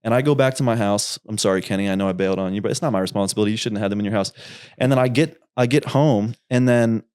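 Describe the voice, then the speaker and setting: A young man, a YouTuber and podcast guest, telling rambling, animated stories in casual talk and swearing freely. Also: fairly low pitch, racing, clear, resonant tone. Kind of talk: casual storytelling.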